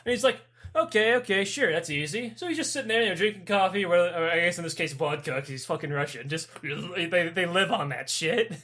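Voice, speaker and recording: A young man with a notably high voice swaps crude, lively stories on a podcast. He swears constantly and jumps into voices for the people he describes, keeping the talk loose and animated. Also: fast, few pauses. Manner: profane, animated storytelling with voiced characters. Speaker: podcast co-host. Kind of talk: casual chat.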